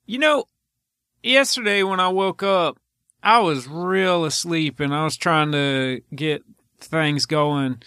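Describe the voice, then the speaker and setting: A man hosting a podcast in casual chat, telling rambling, drawn-out stories. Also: on the high side, bright, forceful tone, clean tone, dry recording, clean studio sound. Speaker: podcast host.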